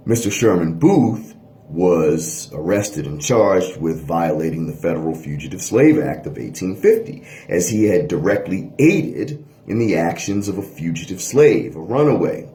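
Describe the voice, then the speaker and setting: A man lecturing on a court case in a lively teaching voice, checking in with listeners often. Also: sits low, roomy sound, slight background noise. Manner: animated lecturing, frequent "all right?" checks. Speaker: history teacher. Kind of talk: lecture video.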